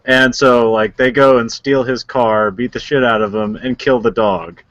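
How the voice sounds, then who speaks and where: A man's voice: medium pitch, steady tone, normal speed, a bit bright, dry recording, dull audio. A man co-hosting a podcast, retelling a movie in casual chat, rambling with lots of filler words and frequent laughs. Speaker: podcast co-host.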